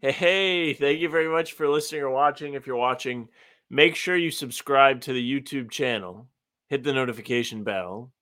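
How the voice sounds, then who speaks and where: A man's voice: mid-range voice, normal speed, fairly bright tone. A man co-hosting a casual sports podcast, making laid-back, dry remarks and reading the sign-off. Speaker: podcast co-host. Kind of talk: casual chat.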